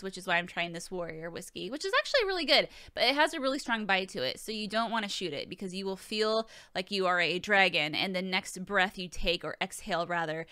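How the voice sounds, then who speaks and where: Bright, crisp-voiced woman cursing casually. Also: medium pitch, no echo, studio quality. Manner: profane, joking, chatty. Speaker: video host answering viewer questions. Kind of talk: casual Q&A vlog.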